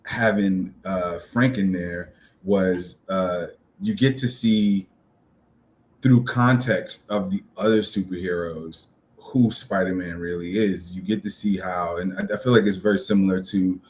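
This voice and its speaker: A man with a fairly low voice gives a casual spoken film review. He rambles loosely and upbeat, filling gaps with ums and uhs as he works through his notes. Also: steady tone, measured pace, a little mellow, a little hiss or hum. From New York City. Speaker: movie reviewer.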